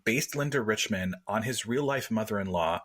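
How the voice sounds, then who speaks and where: A man from New Jersey in his forties argues his case on a pop culture podcast. His voice is husky and breathy, and he is animated and theatrical. He laughs often as he talks. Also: lowish voice, normal speed. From North Jersey, USA. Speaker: podcast panelist.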